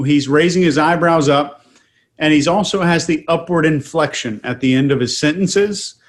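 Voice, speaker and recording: A man's voice: fairly high pitch, moderate pace. A man on a casual online panel, steadily explaining facial cues. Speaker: body language analyst.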